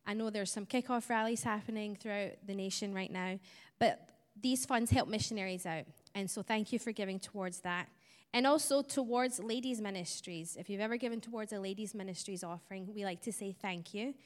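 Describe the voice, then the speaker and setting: A Scottish woman, a missionary, explains things to a church congregation in a friendly way, chuckling now and then. Her voice sits at a middle pitch. It rings out with a long reverb in the church hall. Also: a little fast. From Scotland. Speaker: missionary speaker. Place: church sanctuary.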